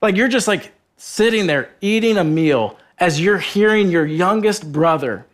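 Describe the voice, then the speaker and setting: A man's voice: animated, a little slow, few pauses. A young man preaching a sermon at a retreat, first reading scripture and then retelling it in a casual, earnest way, often saying "like" and acting out characters. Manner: earnest, conversational, heavy use of "like", acts out characters in a higher voice.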